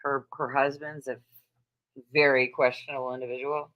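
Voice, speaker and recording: A woman's voice: rumbling low, little pitch movement, normal speed, muffled recording. A woman hosting a casual livestream, ranting in a mocking, profane way and laughing often. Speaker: livestream host.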